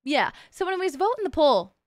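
A woman's voice: high-pitched, sing-song, brisk, no room sound, studio quality. A woman streamer chatting casually with her live chat, playful and teasing, swearing freely. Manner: playful, crude, swears a lot, teases chat.

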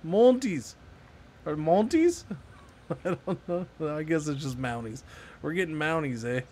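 A man's voice: a little high, normal speed. A man casually commenting on his own gameplay during a live stream, talking to himself and sarcastically answering chat. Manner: chatty, self-talking, sarcastic asides to chat.

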